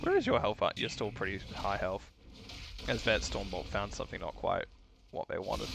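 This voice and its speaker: Male esports caster, New Zealand accent, casual play-by-play, mid-pitched voice. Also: a bit bright. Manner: rapid play-by-play, casual asides. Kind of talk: live esports commentary.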